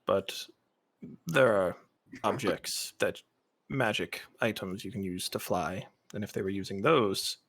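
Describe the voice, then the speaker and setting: Slow, deliberate man playing a tabletop game. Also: fairly low pitch, creaky, a bit bright. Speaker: player.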